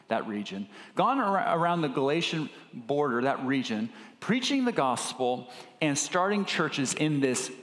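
A man's voice: mid-range voice, fairly bright tone. A middle-aged male pastor preaching a sermon in a conversational way, with fillers and restarts. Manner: gets emotional speaking of his children. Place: church sanctuary. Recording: echoey church hall with long reverb.

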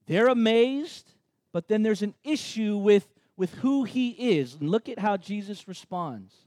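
Guy preaching, lively and joky, high voice jumping all over, dry close sound. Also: a little slow, no echo. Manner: animated, joking asides, acts out crowd reactions. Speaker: pastor. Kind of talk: sermon.

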